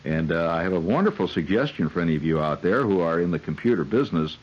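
A man's voice: deep voice, expressive, fast, slightly rough, poor audio. A man who hosts on the radio, telling a rambling, wry comic monologue full of digressions and hesitations. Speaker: radio host.

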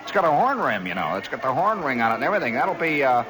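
A gruff older junkyard dealer, as a man puts him on, drawls his prices in casual slang and haggles hard. The voice is lively, rising and falling as he bargains. Soft music plays behind it. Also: medium pitch, fast, lightly acted, rough recording. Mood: haggling.

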